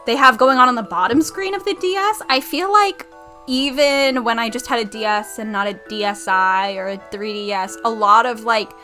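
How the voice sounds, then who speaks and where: A woman's voice: fairly high pitch, bright, forceful tone. A young woman streamer chatting casually over gameplay, rambling and self-deprecating.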